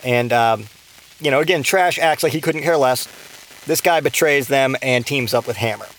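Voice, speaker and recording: A man's voice: medium pitch, normal speed, a bit bright, slight background noise, poor audio. A man hosting a podcast, recapping a movie in a rambling, casual way with constant swearing, fillers and restarts. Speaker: podcast host.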